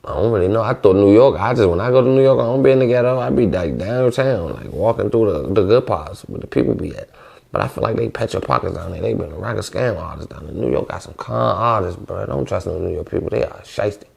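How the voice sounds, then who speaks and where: Low gravelly-voiced young D.C.-man. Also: animated, fast talker, a little mellow. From Washington D.C. area. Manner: loose, rambling, heavy on slang. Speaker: vlogger. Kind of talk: casual monologue.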